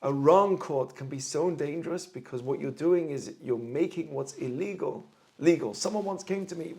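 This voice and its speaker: A man's voice: a little high, normal speed, gravelly, darkish tone. A middle-aged man, a rabbi, giving an earnest Torah class and explaining with everyday examples.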